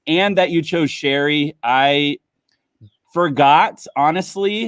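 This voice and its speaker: A man's voice: a little high, slow, fairly bright tone, clean tone, dry recording, clean studio sound. A man hosting a casual livestream wine tasting, chatting upbeat with viewers. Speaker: livestream host.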